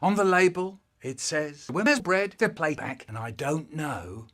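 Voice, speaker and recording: A man telling comic anecdotes in a theatrical way, swinging from loud outbursts to mutters. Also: fairly high pitch, measured pace. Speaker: storyteller. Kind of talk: comic anecdote narration, chopped and remixed.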